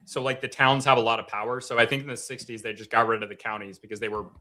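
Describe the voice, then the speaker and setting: A man's voice: mid-range voice, little pitch movement, quick pace, pushed and bright. A man from Connecticut co-hosting a casual podcast, asking question after question. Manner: curious, keeps asking questions. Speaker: podcast co-host.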